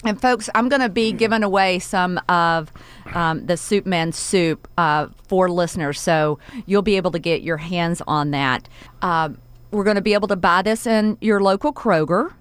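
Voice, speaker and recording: A woman's voice: fairly low pitch, normal speed, smooth. A woman hosting a radio interview, chatty and enthusiastic as she asks her guests questions. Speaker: radio host. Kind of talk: casual interview chat.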